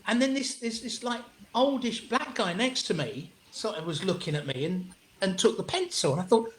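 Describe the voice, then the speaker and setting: A middle-aged English man, a comedian guest, telling anecdotes in an animated, casual way with frequent restarts and the odd swear word. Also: high voice, brisk, few pauses. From England. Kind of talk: anecdotal storytelling in an interview. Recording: roomy echo.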